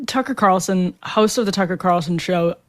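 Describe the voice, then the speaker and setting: A woman hosting a political podcast, moving brisk and upbeat from a guest thank-you into an ad read. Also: lowish voice. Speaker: show host.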